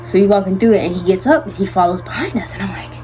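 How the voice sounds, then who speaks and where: A young woman recounts a story for her vlog, talking in an animated, slangy rush of fillers. Her pitch sits in the middle, and soft music plays faintly behind her. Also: very fast, low-quality recording. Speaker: vlogger.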